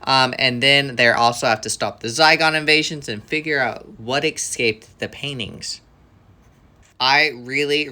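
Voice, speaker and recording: Earnest bright-voiced man reviewing. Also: mid-range voice. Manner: earnest, listing, hesitant with fillers. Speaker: show reviewer. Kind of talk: casual review commentary.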